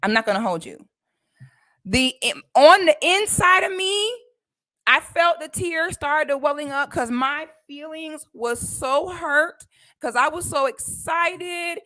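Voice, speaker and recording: A woman telling a personal story on a livestream in a casual, animated, slangy way. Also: high-pitched, slow pace.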